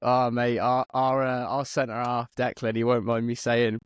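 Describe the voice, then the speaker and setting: A man's voice: medium pitch, completely flat delivery, measured pace, clear, resonant tone, no room sound, clean studio sound. An English man hosting a podcast, chatting casually and calling everyone mate. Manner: friendly, calls everyone mate. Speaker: podcast host. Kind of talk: casual chat.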